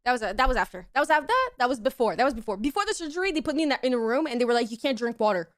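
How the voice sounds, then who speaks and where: A young woman streamer casually telling a story to her chat, acting out the quoted lines in squeaky high voices. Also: sing-song, rapid-fire.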